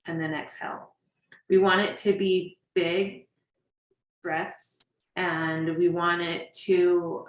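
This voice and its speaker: A woman teaching a breathwork class over a video call in a casual, reassuring, chatty way. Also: lowish voice. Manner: chatty, reassuring, with laughs and fillers. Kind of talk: casual instructional talk. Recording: echoey room.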